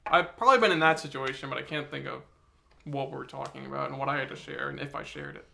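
A man's voice: mid-range voice, fairly even intonation, fast, creaky, pushed and bright. A young man co-hosting a podcast, telling stories in casual chat and laughing often. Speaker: podcast co-host.

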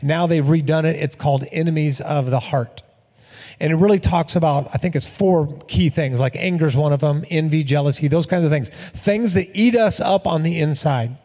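A man's voice: a little high, normal speed, mellow, in a large hall. A middle-aged male pastor preaching a sermon in a conversational, storytelling way, often repeating words.

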